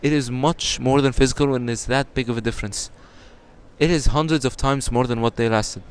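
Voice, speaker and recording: A young man speaks as a podcast guest, earnestly laying out his point and leaning on key words. His voice is smooth and resonant and sits at an ordinary pitch. It has an easy, casual podcast feel. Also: fairly even intonation, a little fast. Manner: earnest, explanatory, builds emphasis.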